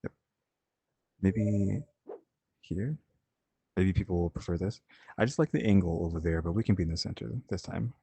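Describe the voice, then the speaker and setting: A man's voice: low voice, normal speed, long pauses, dark tone, husky, no room sound. A man hosting a reaction video, chatting casually and rambling as he thinks aloud. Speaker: reaction channel host.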